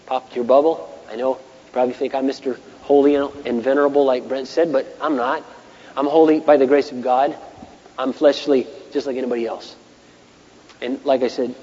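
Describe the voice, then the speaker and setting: Passionate pastor guy giving a sermon, hushed then shouting, big echoey hall. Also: medium pitch, steady tone, normal speed, lo-fi sound. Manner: impassioned, swings from hushed asides to shouted bursts.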